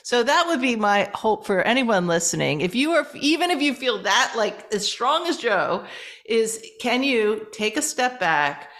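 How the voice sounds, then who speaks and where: Woman guest coach, slightly high voice, lively storytelling with acted-out quotes. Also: unhurried. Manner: animated, acts out quoted dialogue. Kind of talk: storytelling in interview.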